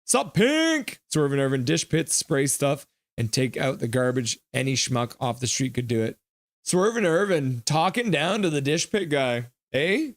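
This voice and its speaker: A man's voice: medium pitch, normal speed, dry recording. A young man from Canada hosting a live stream, reading chat messages aloud and giving casual play-by-play of the game. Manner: reads chat messages aloud, chatty, jumps into game commentary.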